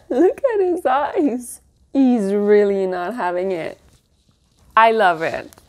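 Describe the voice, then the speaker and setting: Slow-talking woman showing off her haul. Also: expressive, darkish tone. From Canada. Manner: gushing, coos in a high baby voice at her dog and cute mugs. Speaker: vlogger. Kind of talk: casual show-and-tell haul.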